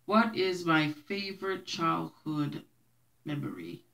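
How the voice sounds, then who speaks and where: Slow, animated and creaky, with a low, slightly bright voice, a young woman vlogs stories from her childhood, chatting away and laughing frequently. Raised in Brooklyn by a Haitian family, she grew up speaking Haitian Creole.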